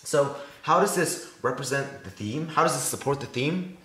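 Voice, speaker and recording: A man's voice: mid-range voice, expressive, normal speed, bright, forceful tone. Teenage boy explaining meter in an echoey room. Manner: explanatory, tapping out syllable stresses aloud. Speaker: student presenter. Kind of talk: class presentation. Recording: echoey room with faint music.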